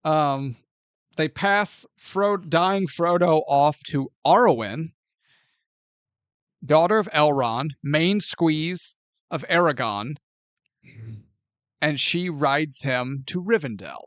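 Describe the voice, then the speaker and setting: A man co-hosting a podcast, chatting casually about a movie in an animated, joking way. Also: on the high side, slow pace, long pauses, dry recording. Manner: animated and joking, often laughs and acts out scenes. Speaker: podcast co-host. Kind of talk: casual movie review chat.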